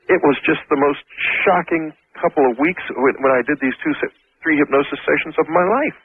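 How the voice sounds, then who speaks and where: A man from Texas, a guest author, telling his story over the phone in an earnest, halting way with many restarts. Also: a little high, slightly rough. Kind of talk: phone-in radio interview. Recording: tinny phone line.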